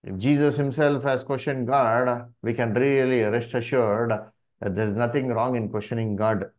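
A man with an Indian English accent teaching a Bible study in a sermon style, speaking haltingly with many fillers and calling the listeners "dear brethren". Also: medium pitch, fairly even intonation. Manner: slow, halting delivery with many "uh" and "you see" fillers.

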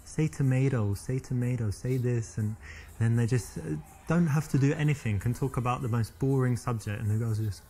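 A man plays a cocky British man in a video game, smug and teasing as he brags to his date in a mid-pitched voice. His English accent is plain in every boast. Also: fairly quick, mellow, a little hiss or hum, close to an everyday voice. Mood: boastful. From England. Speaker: dating game protagonist. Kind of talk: scripted game dialogue.

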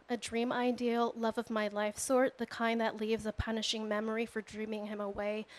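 A woman poet giving a measured, expressive reading of her own prose poetry. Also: fairly high pitch, low-quality recording. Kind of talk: literary reading.

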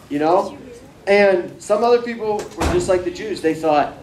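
A man's voice: high-pitched, moderate pace, a little mellow, a little hiss or hum. A young man teaching a casual bible lesson, talking loosely with many fillers and acting out quoted lines. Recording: echoey room from far off, faint ambience.

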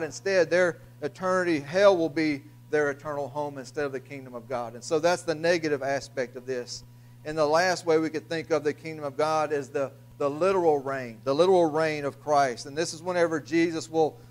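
Halting preacher, slightly high voice. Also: male voice. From Louisiana, US. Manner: halting, repeats words, frequent uh fillers. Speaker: pastor. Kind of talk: sermon. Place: church sanctuary.

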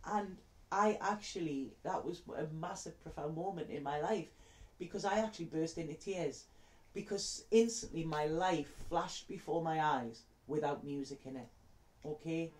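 A woman's voice: low voice, normal speed, roomy sound. A woman, a tarot reader telling a heartfelt story to camera in a chatty way. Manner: heartfelt, chatty, repeats words.

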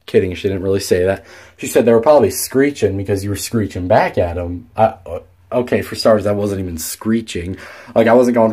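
A young man with a somewhat low voice tells a story in a casual vlog. He rambles, restarts his sentences and swears freely as he goes. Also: moderate pace, warm tone. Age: young adult. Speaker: vlogger.

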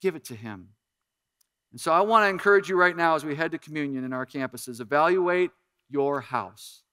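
Male pastor, middle-aged, bright crisp voice, dry close sound, animated preaching with quiet earnest stretches. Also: on the high side, normal speed, no room sound. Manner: animated preaching, dropping to soft earnest appeals. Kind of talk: sermon.

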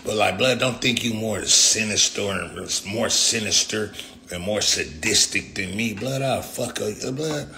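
Gravelly, forceful man ranting live. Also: lowish voice, a little slow. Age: adult with young kids. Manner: profane, confrontational ranting. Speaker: rapper streaming live. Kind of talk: livestream rant.

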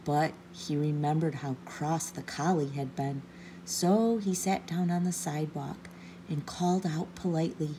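A woman reading a children's picture book aloud with gentle, expressive narration. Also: low voice, a little slow, slight background noise. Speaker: children's story reader. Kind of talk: storybook read-aloud.

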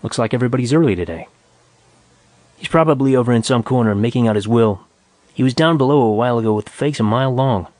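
A man's voice: mid-range voice, fast, a little mellow, dry recording, lightly acted. A man voicing a cheerful, teasing male astronaut in a science fiction audiobook, in a raised, bouncy voice. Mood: joking.

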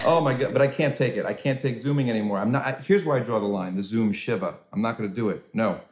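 Animated comedian, echoey room. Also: male voice, normal speed. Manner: animated, swoops into high voices for quoted people. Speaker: stand-up comedian. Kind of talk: stand-up comedy set for a virtual charity dinner. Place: at home. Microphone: video call.

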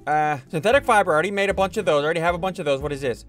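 A man hosting a gaming video, narrating his own moves in an excitable way and yelping or shouting when things go wrong. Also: a little high, very fast, faint music behind. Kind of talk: Minecraft let's-play commentary.

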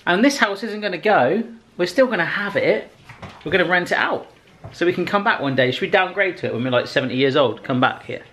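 A man's voice: sits high, lively intonation, fairly quick, fairly bright tone, a little hiss or hum. A man hosting a casual vlog, chatty and jokey. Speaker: vlog host.

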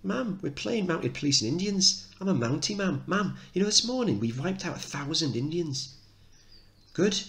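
A man voicing a boisterous seven-year-old boy in a high, excitable tone, reading the play aloud. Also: moderate pace, vocal fry, heavily acted. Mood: playful.

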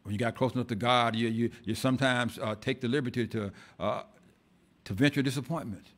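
Speaking a little fast, this pastor preaches with passion inside a church, his mid-range voice holding a fairly even intonation. His delivery alternates between booming bursts and hushed side remarks, with frequent word repetition.

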